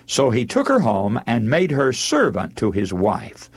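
A man preaching a sermon, retelling a Bible story with animated storytelling and acting out the characters' lines. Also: medium pitch, measured pace, slightly rough.

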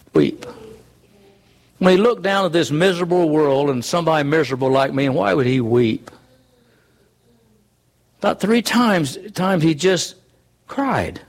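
A man preaching a sermon, earnest and emphatic, driving his points home with rhetorical questions. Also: fairly high pitch.

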